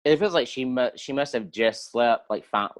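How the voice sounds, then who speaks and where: A man chatting as a podcast guest, halting and hesitant, with many pauses and restarts. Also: medium pitch. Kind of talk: casual chat.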